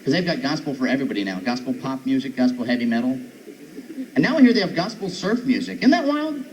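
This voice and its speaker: A man doing a stand-up routine on an outdoor stage, animated and chatty with the crowd. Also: mid-range voice, fast. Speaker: stand-up comedian. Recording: muffled live recording with background noise.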